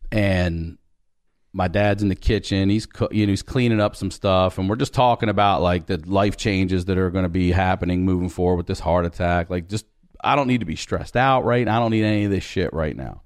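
Brief: man in his 40s, low voice, dry close mic, lively storyteller who acts out voices. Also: fairly quick, no room sound. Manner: animated storyteller, acts out dialogue, swears freely. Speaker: podcast guest. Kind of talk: storytelling in casual conversation.

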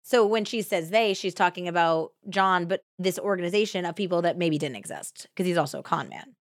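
A woman hosting a podcast, telling a true crime story in a conversational way and acting out quotes with lively shifts in tone. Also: lowish voice, brisk, no echo, clean studio sound. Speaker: podcast host.

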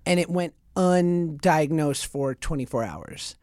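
A man's voice: on the high side, slow pace, a crowd in the background. Candid man telling a story. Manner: candid storyteller, many fillers. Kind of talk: casual chat.

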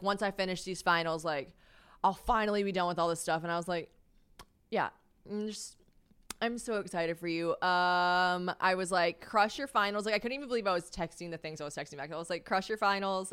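A woman in her late twenties, a podcast host, telling a story in casual chat. She swears freely, laughs often and acts out quoted lines with big jumps in pitch and volume. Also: fairly bright tone, clean tone. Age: late 20s. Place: her apartment.

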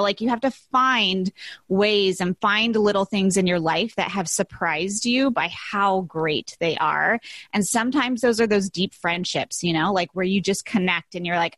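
A woman's voice: mid-range voice, a bit bright, dry recording. A woman in her thirties, a business coach, talking effusively in a casual interview, full of "like" and "you know". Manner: effusive, chatty, many fillers like "like" and "you know". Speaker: podcast guest, business and life coach.

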